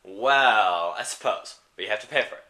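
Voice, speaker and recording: A man's voice: on the low side, moderate pace, pushed and bright, roomy sound. A man voicing a clueless woman working a burger counter, with airy sarcastic replies.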